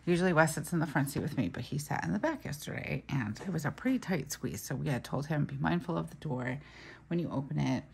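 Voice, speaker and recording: Talking fast and with plenty of animation, this woman in her thirties has a low, gravelly voice with a breathy edge. She's a planner vlogger filling in her journal while chatting, telling stories and drifting into side comments.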